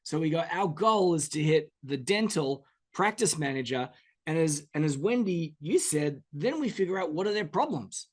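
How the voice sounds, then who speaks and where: A man's voice: fairly high pitch, moderate pace. A man hosting a podcast interview, chatting casually and acting out examples to make his points. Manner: animated, acts out quoted examples. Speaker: podcast host.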